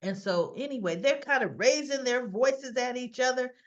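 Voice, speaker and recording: Recapping a soap opera in a relaxed, talkative way, this female host shares strong opinions and performs characters' dialogue along the way. Her voice is high, her pace moderate, and the recording lo-fi.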